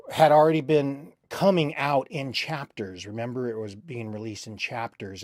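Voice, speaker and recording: A man's voice: mid-range voice, a little mellow, no echo, studio quality. A man who works as a voice actor, answering interview questions with a rambling recollection full of fillers and restarts.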